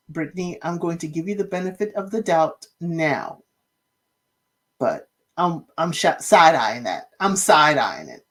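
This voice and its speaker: A woman recapping a reality show in casual chat, retelling scenes with lively, acted-out quotes. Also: fairly low pitch. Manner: animated storytelling, acting out quotes.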